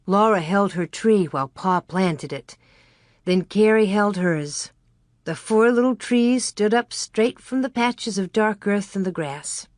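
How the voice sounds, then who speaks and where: A woman narrates an audiobook in a measured, expressive reading of a script. Her voice is medium-pitched, and the recording is dry and clean, studio quality.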